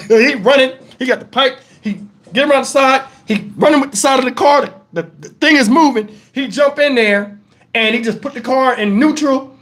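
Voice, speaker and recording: A man hosts his livestream and tells a rowdy story full of swearing. His voice sits high, and he keeps jumping into the voices of the people in the tale. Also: moderate pace. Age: adult, twenties long past. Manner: animated, profane storytelling, acting out voices. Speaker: livestream host.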